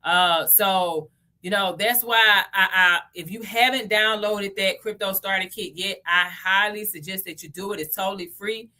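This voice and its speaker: A woman's voice: medium pitch, steady tone, measured pace, sharp tone. A Southern woman from Tennessee, around her thirties, hosting a casual crypto livestream, chatty and often checking in with "okay?" and "y'all".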